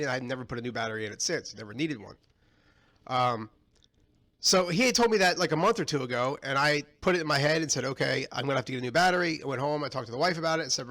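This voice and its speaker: A young man tells a story on a casual podcast, swearing freely as he goes. His voice is bright and forceful and sits a little higher than most men's. He sounds animated and exasperated throughout. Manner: animated, profane, frustrated storytelling. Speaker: podcast co-host.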